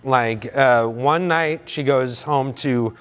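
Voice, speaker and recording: A man's voice: mid-range voice, takes it slowly, fairly bright tone, clean tone, in a large hall. A man in his forties chatting about films in a casual comedy panel, rambling with hesitant fillers. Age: 40s. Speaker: film reviewer.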